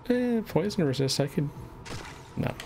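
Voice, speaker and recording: A man giving relaxed, casual commentary as he plays a game on a live stream, muttering to himself as he goes. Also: on the high side, unhurried, vocal fry, a little hiss or hum. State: a little out of breath. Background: game music.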